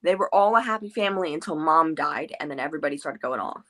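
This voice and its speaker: Book club host, woman, bright lowish voice, casual rambling chat with fillers. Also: lively intonation, fast talker. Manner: chatty, many filler words and restarts.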